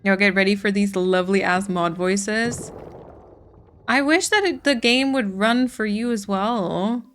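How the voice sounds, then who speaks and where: She talks a little slowly in a medium-pitched, slightly bright voice, with faint music in the background. It's a casual livestream of a farming game, and she's chatty, picking up and answering messages from chat as she plays.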